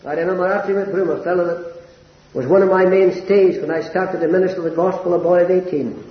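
An elderly preacher delivers a sermon in a fairly high voice, earnest and building to impassioned peaks. The recording is roomy and dull, with a lo-fi, echoing feel. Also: male voice, fairly even intonation, a little fast. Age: older.

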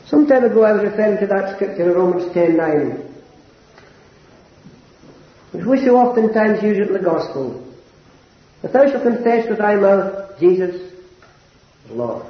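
Elderly preacher, high and earnest. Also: male voice, animated, a little slow, pauses often. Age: older. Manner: earnest, climbs to high impassioned emphasis. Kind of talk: sermon. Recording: roomy, dull lo-fi sermon recording.

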